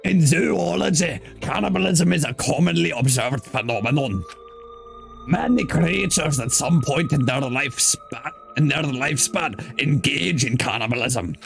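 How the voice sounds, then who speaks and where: A man's voice: fairly high pitch, wildly swooping pitch, measured pace, creaky, soft background music, exaggerated voice. A man voicing a grandiose young game character who lectures his companions about survival. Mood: lecturing. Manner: dramatic, lecturing, lofty. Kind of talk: reading game dialogue aloud.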